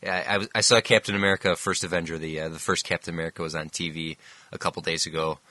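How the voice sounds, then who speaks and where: Male podcast co-host, casual, lower voice with an edgy brightness, restarts his sentences a lot. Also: steady tone, quick pace, no room sound. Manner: rambling, self-interrupting, laughs often.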